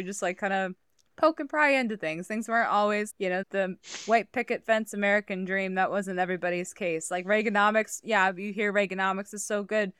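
A woman co-hosting a podcast, giggling, swearing and rambling in casual chat while high. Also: a bit bright, clear, resonant tone, no echo, clean studio sound. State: high on cannabis. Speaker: podcast co-host.

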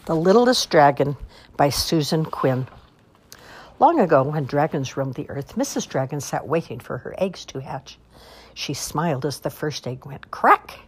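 A woman reading children's picture books aloud in an expressive, sing-song storytelling manner. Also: low-pitched, husky.

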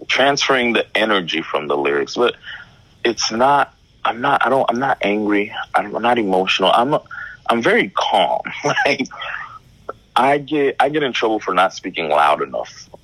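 A man speaking as a guest in casual conversation, calm and reflective, with some slang. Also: on the low side, normal speed, dry recording, poor audio.

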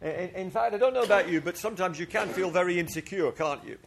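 A fast-talking man with a high, creaky voice preaches to his congregation at church. The sermon is heartfelt and confessional; he frequently restarts his words and leads a call-and-response with the crowd.

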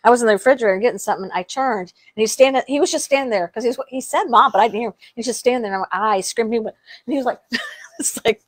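A woman's voice: on the high side, very fast. A middle-aged woman co-hosting a casual chat, telling family stories with frequent laughter and restarted sentences. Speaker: podcast co-host.

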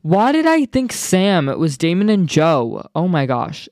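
Excitable, rambling young man podcaster. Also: on the high side, a little slow, no room sound. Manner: rambling and excitable, with many asides. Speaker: podcast host. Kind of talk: casual solo podcast chat.

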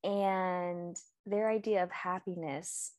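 A woman's voice: fairly low pitch, fairly even intonation, takes it slowly, darkish tone, no room sound. Young woman gabbing on a podcast, lots of likes and ums, dry close sound. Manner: chatty, many fillers, laughs easily. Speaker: podcast co-host. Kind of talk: casual chat.

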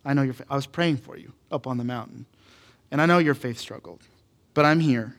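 A man voicing Jesus as a gentle, reassuring loving father, speaking softly and tenderly. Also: medium pitch, fairly quick, close to an everyday voice. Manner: soft, tender and hushed.

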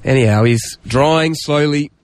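A man's voice: fairly high pitch, measured pace, dry recording. A man hosting a casual radio show, telling stories chattily and laughing often. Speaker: radio host.

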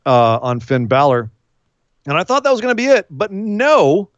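A man co-hosting a casual wrestling recap, rambling and animated, often acting out what the wrestlers said. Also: on the high side, moderate pace, dry recording, dull audio. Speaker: wrestling podcast co-host.

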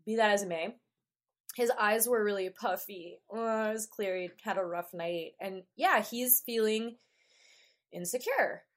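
A woman hosting a podcast, recapping a show in a chatty, opinionated way, with wry asides and frequent fillers. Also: medium pitch. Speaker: podcast host. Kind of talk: casual solo recap.

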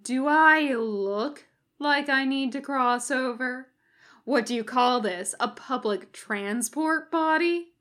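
A woman's voice: high-pitched, slow pace, fairly bright tone. A woman voicing a cranky, weary male demon. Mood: sardonic. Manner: grumbling, exasperated. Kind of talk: fan audiobook reading.

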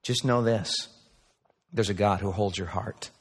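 A man's voice: lowish voice, fairly even intonation, measured pace, breathy edge. A pastor in his forties preaching an earnest, story-driven sermon. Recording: played sermon recording with long reverb.

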